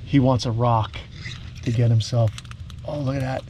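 A man's voice: medium pitch, fairly even intonation, moderate pace. Casual vlog host, man, New York accent, upbeat outdoors with faint background noise. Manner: enthusiastic, talks to the lizards like pets. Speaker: reptile keeper and channel host. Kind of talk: casual outdoor vlog narration while feeding animals.

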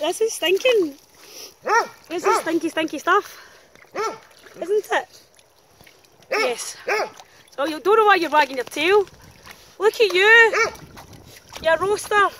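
A woman's voice: very high voice, lively intonation, slow pace, long pauses, bright, forceful tone. A woman filming a walk, exclaiming and teasing as she talks to the dogs around her. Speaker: professional dog walker. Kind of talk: chatty outdoor vlog talking to dogs. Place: muddy countryside outdoors. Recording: outdoor noise with barking dogs. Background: dogs barking.

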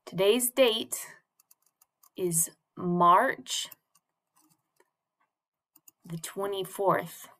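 A woman's voice: mid-range voice, very slow, pauses often, a bit bright. A woman teacher leading a morning classroom routine for young children, prompting patiently in a sing-song way. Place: classroom or home teaching space.

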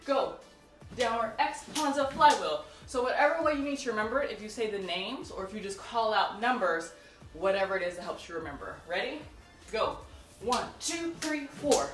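A woman's voice: medium pitch, a little fast. A woman teaching a martial arts routine on video, counting moves and chatting with viewers between drills. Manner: counts out moves and cues students; chatty, laughs and jokes with viewers. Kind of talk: instructional tutorial. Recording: echoey room, mic at a distance, faint music.

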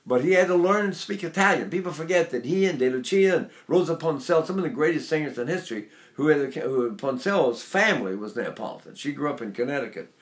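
An older man teaching singing, talking in an animated, digressive way and breaking into sung vocal demonstrations. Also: fairly high pitch, quick pace, few pauses. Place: Seattle area.

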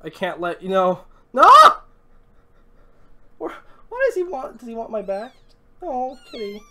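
A woman streaming a game live, talking casually and fussing over her cat. Her voice swoops up and down with lively pitch, and she speaks at an unhurried pace. A faint hum of noise sits behind her. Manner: animated, coos and frets over a cat.

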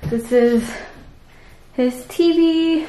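A woman films a relaxed tour of her apartment on a handheld phone as she walks, meandering through her words with ums and soft laughs. She speaks very slowly in a high-pitched voice, and the low-quality recording has a crowd audible behind her.

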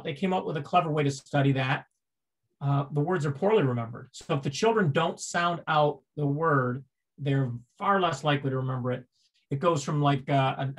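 A man delivers a seminar lecture in a voice a little higher than most men's. He explains patiently, poses rhetorical questions and answers them himself, and often restarts his phrases.

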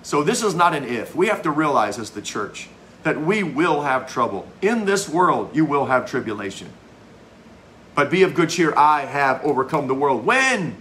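Pastor guy preaching hard, bright sharp voice, keeps hammering the same lines. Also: fairly high pitch, big pitch swings, moderate pace, a little hiss or hum. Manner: fervent preaching, emphatic repetition. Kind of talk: sermon.

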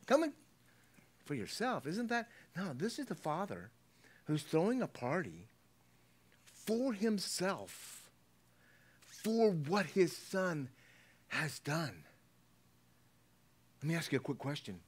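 Animated preacher man, lively pitch. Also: slow pace, long pauses, slightly rough. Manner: animated, swings between hushed and exclaiming. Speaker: pastor. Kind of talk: sermon.

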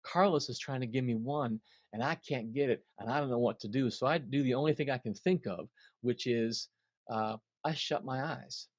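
A man's voice: mid-range voice, moderate pace, dry recording, dull audio. A man, a drummer, telling a story in an interview and acting out the quotes. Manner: animated storyteller, acts out quotes.

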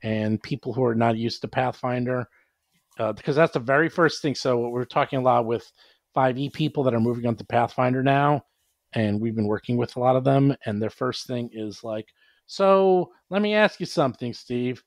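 A man being interviewed as a game author, chatting casually and acting out his players in quick quoted voices. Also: mid-range voice, fairly even intonation, dry recording. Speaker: guest, adventure author and publisher.

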